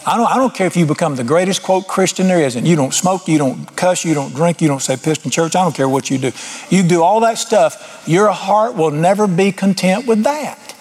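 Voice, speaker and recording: Male preacher, middle-aged, fairly high husky voice, folksy, blunt, self-deprecating sermon delivery. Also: a little fast, darkish tone. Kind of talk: informal sermon.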